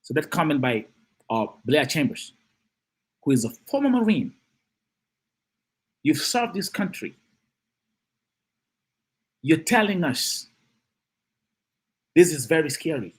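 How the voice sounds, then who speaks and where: Husky, animated male live-stream host. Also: fairly high pitch, slow pace, pauses often. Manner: animated, emphatic, repeats phrases, greets and reads out chat. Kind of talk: live-stream political commentary.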